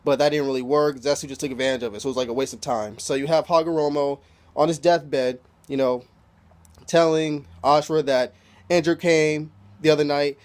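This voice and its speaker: A man's voice: on the high side, fairly even intonation, brisk. A man casually recapping an anime episode, loose and profane, packing his talk with "you know" fillers. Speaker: anime reviewer.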